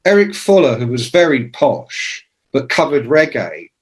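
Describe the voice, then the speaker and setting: A man in his sixties, a music journalist, telling anecdotes as a podcast guest, casual and swearing, with loud imitations. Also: medium pitch, a little slow, breathy edge. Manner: animated anecdotes with shouted imitations. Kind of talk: casual storytelling.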